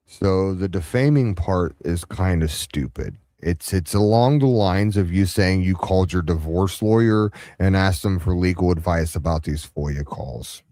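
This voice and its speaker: A man hosting a livestream reaction, talking sarcastically and taunting, sometimes jumping up into high-pitched mockery. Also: measured pace, hardly any pauses, warm tone, dry recording, clean studio sound. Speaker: livestream commentary host. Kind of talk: mocking reaction commentary.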